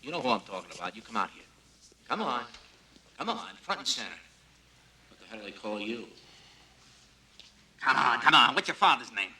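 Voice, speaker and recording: An actor playing a curt police officer who barks orders at suspects during a lineup, in a roomy space. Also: male voice, mid-range voice, very animated, normal speed, long pauses, sharp tone, slight background noise, full character voice. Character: gruff male police officer running a lineup.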